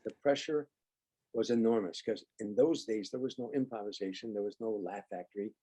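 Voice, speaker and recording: Husky-voiced older man telling stories. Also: lowish voice, fairly quick. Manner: animated anecdotes, acts out quoted dialogue. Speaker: guest comedian. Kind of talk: storytelling interview.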